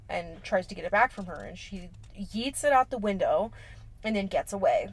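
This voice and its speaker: A young woman co-hosts a casual podcast, recapping a horror film in a sassy, slangy way. Her voice sits at an ordinary middle pitch. She swears freely and drops in playful asides. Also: expressive, normal speed, breathy edge. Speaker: podcast co-host.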